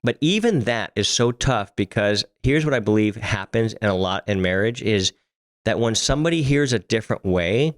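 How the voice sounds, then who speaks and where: A man's voice: lowish voice, animated, moderate pace. A middle-aged man co-hosting a podcast, talking bluntly, swearing freely and often restarting his sentences. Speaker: podcast co-host. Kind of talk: casual podcast chat.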